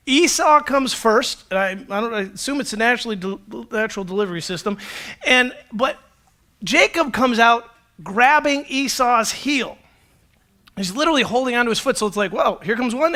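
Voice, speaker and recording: A man in his forties preaching a sermon in a lively storytelling way, acting out quotes with a self-deprecating humor. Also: extremely high pitch. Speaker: pastor. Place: church stage.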